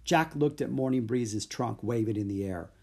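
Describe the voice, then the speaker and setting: A man narrating a children's audiobook in a steady, plain storytelling voice. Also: medium pitch, normal speed, vocal fry, breathy edge.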